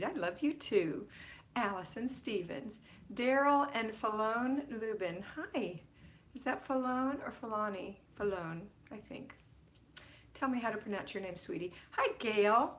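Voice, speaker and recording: A woman's voice: medium pitch, expressive, slow, fairly bright tone. A middle-aged woman hosting a casual homemaking livestream from home, greeting viewers by name in an affectionate, chatty way. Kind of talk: casual live-stream chat.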